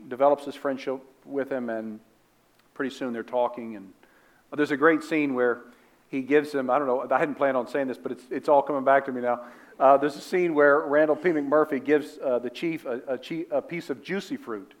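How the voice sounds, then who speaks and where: A man preaching a sermon with earnest conviction. He keeps a middling voice that sinks soft and low for tender moments and swells into emphatic bursts, with loose asides along the way. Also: normal speed. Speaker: pastor.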